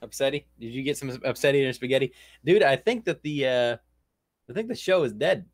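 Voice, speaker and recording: Male co-host, mid-pitched voice, quick teasing cracks in loose stream banter. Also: lively intonation. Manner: teasing, crude wisecracks. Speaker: podcast co-host. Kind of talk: casual stream chat.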